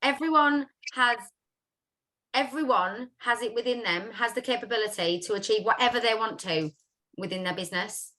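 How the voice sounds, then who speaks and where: A woman's voice: on the high side, moderate pace, bright, forceful tone. A woman hosting a casual live video chat, upbeat and chatty, with lots of fillers. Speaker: host of a business chat.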